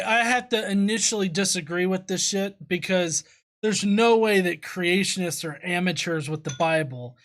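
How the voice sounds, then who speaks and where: A woman streamer reacting to a video with sarcastic, foul-mouthed commentary. Her pitch jumps around a lot, and she breaks into laughter often. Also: fairly bright tone. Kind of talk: casual live-stream commentary.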